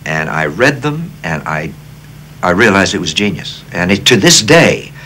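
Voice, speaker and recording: A man in his sixties from the United States, an actor guest telling stories in an animated, self-deprecating interview style. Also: low voice, a little slow, slight background noise. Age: 60s. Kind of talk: casual interview storytelling.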